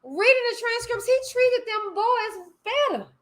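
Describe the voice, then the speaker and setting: A woman's voice: extremely high pitch, animated, measured pace, fairly bright tone, slight background noise. A woman hosting a live stream, talking bluntly and animatedly in casual commentary. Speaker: livestream host.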